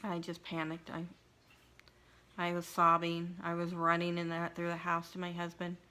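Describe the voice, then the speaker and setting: A middle-aged woman vlogger telling a personal story in an emotional, halting way, with frequent restarts and pauses. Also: on the low side, sharp tone, clean tone. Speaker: craft vlogger.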